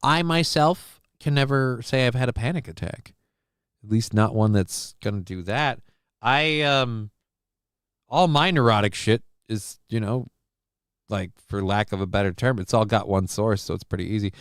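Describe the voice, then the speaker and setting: Guy hosting his own show, crude jokes, smooth clean voice, dry sound. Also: on the low side, normal speed, no room sound. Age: adult with a young child. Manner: crude, joking, rambling. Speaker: solo show host. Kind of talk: casual live-show commentary.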